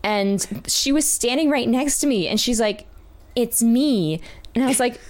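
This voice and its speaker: A woman in a casual chat, telling an awkward story in an animated way, acting out what people said. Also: fairly high pitch, moderate pace. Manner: animated storyteller, acts out quotes, laughs often.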